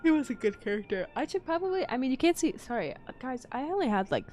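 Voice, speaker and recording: A woman's voice: high voice, big pitch swings, fast talker, a little mellow. Chatty woman reading game text aloud. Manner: chatty, reads text aloud, mutters choices to herself. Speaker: streamer. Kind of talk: reading aloud while playing a story game.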